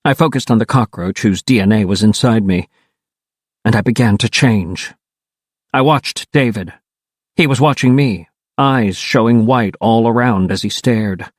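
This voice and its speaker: A man reading a first-person audiobook in a wry, animated storytelling manner. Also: on the low side, a little slow, no echo, clean studio sound. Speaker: audiobook narrator.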